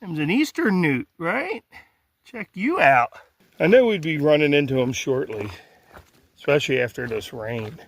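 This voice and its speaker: A man's voice: fairly high pitch, expressive, moderate pace, vocal fry. A man thru-hiking and vlogging outdoors on a rural road walk, chatting casually and cooing at animals along the way. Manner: chatty, coos at animals in a sing-song voice. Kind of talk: casual trail vlog narration.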